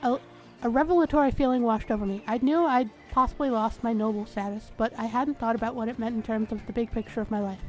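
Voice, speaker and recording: A woman's voice: on the high side, fast, hardly any pauses, soft background music. Woman host narrating a story game. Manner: steady first-person narration. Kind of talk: reading a story game aloud.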